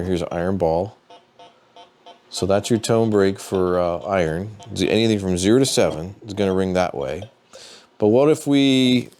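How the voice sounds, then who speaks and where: A man hosting a metal detecting channel, explaining device settings in a relaxed, plain-spoken tutorial and thinking aloud as he goes. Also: fairly low pitch. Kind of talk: casual how-to tutorial.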